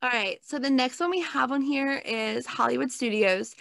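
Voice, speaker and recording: A young woman co-hosting a casual chat, telling stories in an animated way with lots of "like.". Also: sits high, moderate pace, vocal fry, no room sound. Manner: animated storytelling with many "like"s. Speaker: co-host.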